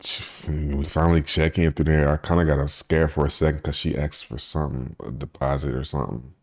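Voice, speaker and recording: A man hosting a podcast, telling a story in a relaxed, profane way and often laughing as he talks. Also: rumbling low, a little fast. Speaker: podcast host. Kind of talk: casual storytelling monologue.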